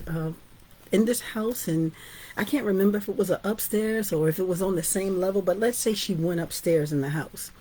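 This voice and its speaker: A woman teaches storytelling in an informal, chatty way. She keeps checking in with her listeners as she goes. Her voice has a husky grain at a middle pitch. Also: a little mellow. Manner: chatty, asks "right?" and "guess what?".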